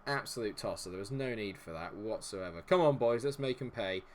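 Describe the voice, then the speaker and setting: A man's voice: lowish voice, animated, a little fast, a little hiss or hum. A man streaming a football management game live, swearing and groaning at the match and chatting with viewers. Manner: exasperated, swears freely at the game. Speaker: gaming streamer. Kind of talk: live gameplay commentary.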